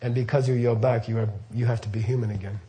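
Speaking quickly in a mellow, medium-pitched voice with fairly even intonation, a middle-aged Buddhist teacher gives a rambling, casual talk. He often asks his listeners questions and says "okay" and "right" frequently.

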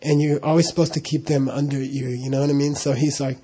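Middle-aged guy telling a funny story, keeps laughing, kinda husky mellow voice. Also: mid-range voice, quick pace. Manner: animated, laughing often, acting out dialogue. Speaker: storyteller recalling monastery life. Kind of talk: casual anecdote.

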